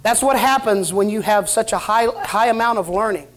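A man's voice: sits high, moderate pace, a bit bright. Man pastor, church sermon, homespun storyteller who talks plain to his flock. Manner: folksy storytelling preacher, plain colloquial speech. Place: church service with congregation answering.

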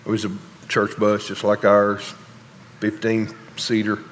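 Choked-up pastor, hall reverb. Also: male voice, lowish voice, completely flat delivery, a little hiss or hum. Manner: halting, choked up, sighing. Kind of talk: emotional sermon announcements. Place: large church sanctuary.

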